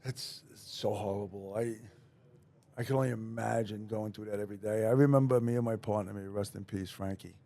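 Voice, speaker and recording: A man in his fifties hosts a relaxed interview conversation. His voice has a gravelly edge, and he talks bluntly and casually, with the odd curse word. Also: lowish voice, fairly quick. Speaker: podcast host.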